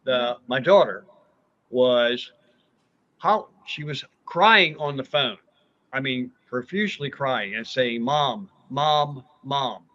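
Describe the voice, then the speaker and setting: Slow-talking man, dull lo-fi recording. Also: medium pitch, pushed and bright. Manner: slow, halting retelling. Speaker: scam victim giving testimony. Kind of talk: recorded testimony.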